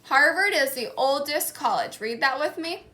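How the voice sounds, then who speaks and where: A woman teaching a lesson, saying words slowly and clearly and having the class repeat them after her. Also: sits high, animated, pushed and bright. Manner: slow, clear, repeating key words for learners to echo. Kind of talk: call-and-response classroom lesson.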